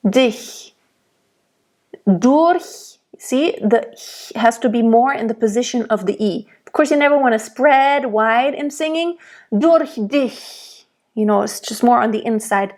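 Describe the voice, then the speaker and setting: Woman German-accented voice coach, fairly high voice, slow and careful, demonstrates sounds. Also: darkish tone. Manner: explains slowly, models pronunciation aloud. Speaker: singing teacher. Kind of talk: diction lesson.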